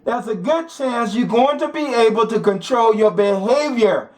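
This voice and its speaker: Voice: mid-range voice, animated, moderate pace. Host giving blunt rhetorical commentary. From United States. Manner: rhetorical, repetitive, keeps urging listeners to think about it. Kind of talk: opinion monologue to camera.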